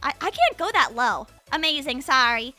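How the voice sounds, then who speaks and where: A woman streamer chatting casually with her viewers, energetic and rambling, often restarting her sentences, on a compressed studio mic. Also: sits high, moderate pace, soft background music. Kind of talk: casual live-stream chat.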